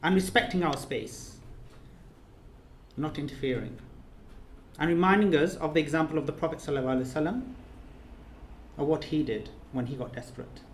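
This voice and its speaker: A man's voice: fairly high pitch, fairly quick, pauses often, slight background noise. Earnest man speaking in an echoey room. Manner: earnest, repetitive, building to emphatic peaks. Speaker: course leader giving a speech. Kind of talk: emotional thank-you speech. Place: reception room of an official residence.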